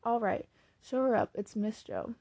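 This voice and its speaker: Woman reading as Laurie, a shy hoarse boy. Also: on the high side, sing-song, normal speed, warm tone, exaggerated voice. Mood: pleased. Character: hoarse teenage boy recovering from a cold.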